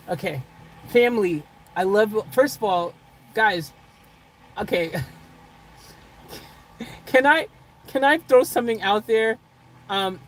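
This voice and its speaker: A livestream host chatting casually with viewers, chuckling often and swinging between loud, playful teasing and soft, sincere talk. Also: medium pitch, slight background noise, poor audio.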